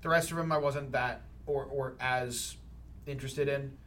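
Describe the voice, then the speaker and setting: A man's voice: medium pitch, fairly even intonation, normal speed, fairly bright tone. A man co-hosting a casual movie podcast, laid-back and trailing off. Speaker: podcast co-host. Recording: distant mic with faint noise.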